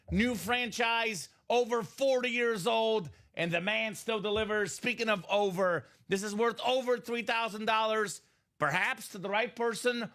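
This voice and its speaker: A young man hosting a live sports card break, hyping items and bantering with viewers in quick sales patter. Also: high-pitched. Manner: energetic, shouts and jokes with viewers.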